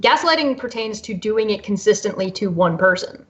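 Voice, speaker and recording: A woman on a casual discussion panel, reasoning through points in steady explanations. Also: mid-range voice, moderate pace. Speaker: panel guest. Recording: dull lo-fi audio.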